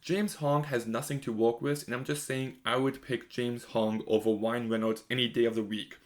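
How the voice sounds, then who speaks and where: A man's voice: medium pitch, steady tone, moderate pace. A young man giving a casual spoken film review, frank and exasperated, with plenty of "like" and "um" fillers. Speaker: movie reviewer.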